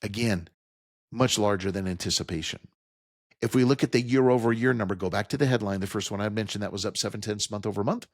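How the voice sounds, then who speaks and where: A man's voice: fairly low pitch, quick pace, dry recording, clean studio sound. Emphatic man hosting financial talk radio. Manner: emphatic, explains numbers plainly to listeners. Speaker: radio talk show host. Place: radio studio.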